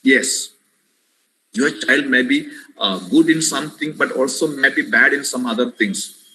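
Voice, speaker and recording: A man's voice: mid-range voice, measured pace, pushed and bright, a little hiss or hum, poor audio. A man with an Indian English accent giving an earnest, preacherly webinar lecture on parenting, often addressing listeners as "my dear friends" and repeating key words for emphasis. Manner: emphatic repetitions. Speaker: webinar speaker. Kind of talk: impassioned lecture. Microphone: webinar headset or computer mic.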